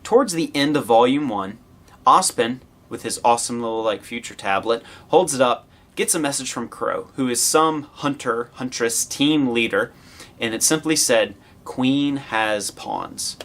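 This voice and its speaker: A man hosting a review show, talking in an excited, casual way with rambling asides and sudden bursts of cheering. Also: mid-range voice, normal speed.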